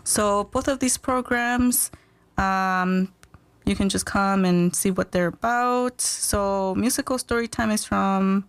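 A woman's voice: medium pitch, slow pace, smooth, no echo. A woman from the library speaking as a guest on a local radio show, explaining events in a friendly, informative way. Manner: friendly, informative, laughs easily. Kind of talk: casual radio interview.

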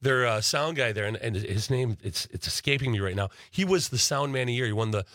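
A man's voice: mid-range voice, animated, fairly quick, fairly bright tone, no echo, studio quality. A man being interviewed as a guest entertainer, chatting casually and rambling with lots of fillers and restarts. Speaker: guest entertainer promoting a tribute show.

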